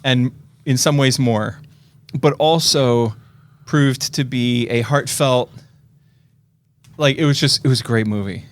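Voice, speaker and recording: A man's voice: medium pitch, slow, pauses often. A man hosting a film podcast, talking casually and enthusiastically about movies. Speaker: podcast host. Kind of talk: casual chat.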